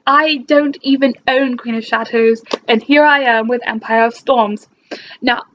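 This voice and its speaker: A woman's voice: high voice, fairly bright tone, lo-fi sound. A young woman chatting in a casual vlog, talking in an imitated British accent. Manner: chatty and enthusiastic, with frequent restarts. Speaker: book vlogger.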